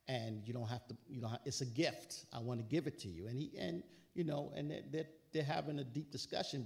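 A man's voice: medium pitch, gravelly, darkish tone. A man preaching a sermon, quoting scripture with rising, emphatic bursts and casual asides.

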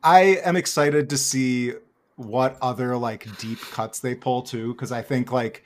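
A man with a Wisconsin accent talking casually on a gaming podcast, animated and quick to laugh, with plenty of fillers. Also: mid-range voice. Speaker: podcast host. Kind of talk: casual chat.

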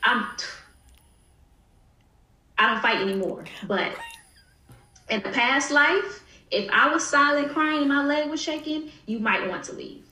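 A woman guest on a podcast, talking in an animated, emphatic way with frequent laughs. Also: sits high, measured pace, pauses often, roomy sound, poor audio. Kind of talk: casual podcast interview.

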